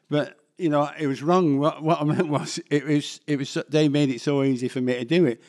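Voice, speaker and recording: A man's voice: on the high side, fairly even intonation, fairly quick, few pauses, a little mellow. An older man with a Mancunian accent, a guest actor chatting in a casual interview in a rambling, self-deprecating way. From England.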